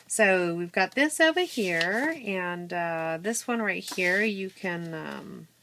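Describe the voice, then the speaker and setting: A woman giving a casual, unhurried walkthrough of a handmade scrapbook album, with many fillers and restarts, filmed on a phone at home. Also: on the low side, expressive, bright, forceful tone. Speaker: crafter showing her scrapbook album. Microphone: handheld phone camera. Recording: faint room noise, phone capture.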